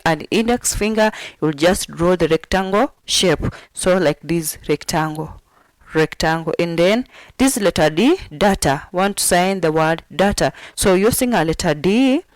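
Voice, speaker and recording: A woman's voice: on the low side, no room sound, poor audio. A woman teaching sign language vocabulary, repeating each word several times as she explains how to make the sign. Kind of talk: slow instructional explanation.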